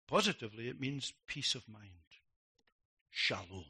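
A middle-aged man preaching a sermon, emphatic, swinging between loud declarations and quiet reflective lines. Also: mid-range voice, sing-song, a little slow, slightly rough.

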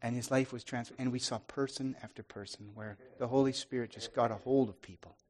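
A man giving an earnest sermon testimony, restarting often and swinging from loud to soft. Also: mid-range voice, steady tone, fairly quick.

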